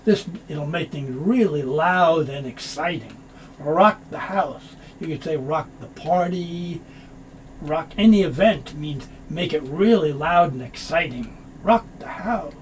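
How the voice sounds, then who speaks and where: A man teaching English pronunciation, explaining slowly and repeating phrases to show how they sound. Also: fairly high pitch, animated, a little hiss or hum. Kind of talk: pronunciation lesson.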